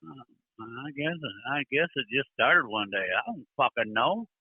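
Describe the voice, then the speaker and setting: A man playing a gruff, profane older trucker caller with a Southern accent, drawling and touchy. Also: mid-range voice, animated, normal speed, no echo. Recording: tinny phone line.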